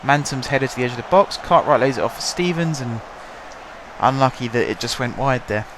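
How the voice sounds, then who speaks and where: A young man with a hoarse voice, chatting casually and calling the action play by play as he commentates his own football management game at home. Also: mid-range voice, brisk, noisy background. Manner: chatty, wry, calls the match play by play. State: hoarse from shouting. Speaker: gaming channel host.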